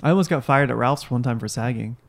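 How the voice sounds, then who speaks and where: Young dude cohosting a podcast, fast talker, gravelly fry, dry jokes. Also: male voice, medium pitch. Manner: teasing, dry remarks. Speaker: podcast co-host. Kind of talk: casual chat.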